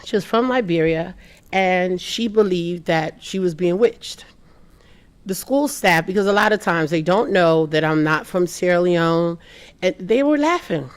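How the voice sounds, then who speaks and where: A woman's voice: fairly low pitch, measured pace, clean tone. A woman speaking on a panel about mental health. She talks earnestly, restarts often, and animates the people she quotes. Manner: earnest, acts out quoted people in lively voices. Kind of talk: panel talk.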